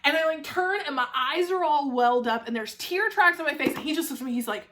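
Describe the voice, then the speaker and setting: A young woman reviews books casually to camera, gushing warmly about her subject and filling her talk with fillers and restarts. Her voice sits high with lively intonation, and she talks fast with hardly any pauses.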